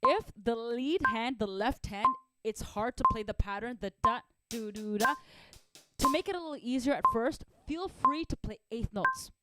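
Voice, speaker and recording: Cheerful drum teacher lady, kinda high voice, counting beats, drums blasting behind her. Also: normal speed, loud music behind the voice. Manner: upbeat, encouraging, counts out loud. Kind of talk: live online drum lesson. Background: drumming.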